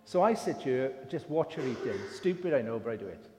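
An older English lay preacher gives an informal, chatty sermon, telling a story with self-deprecating humor in a reverberant hall. His medium-pitched, dark voice swings widely in pitch and runs a little fast, with a little hiss or hum in the recording.

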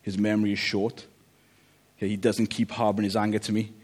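Guy preaching, low voice, chatty and jokey, keeps asking okay?. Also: flat delivery, fast talker, a little mellow, husky. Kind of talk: conversational sermon.

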